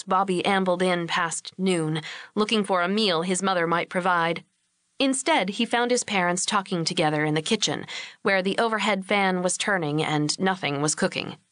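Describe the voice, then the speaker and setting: A woman narrates a novel with steady, expressive storytelling at a middle pitch. The recording is dry and close, with no room sound. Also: no room sound. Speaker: audiobook narrator. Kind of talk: scripted narration.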